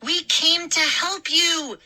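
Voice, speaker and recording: A woman voicing frightened storybook children who shout in panic. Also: sits high, lively intonation, a little slow, pitched above the performer's own voice, full character voice. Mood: panicked. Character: frightened kids, narrator and friends.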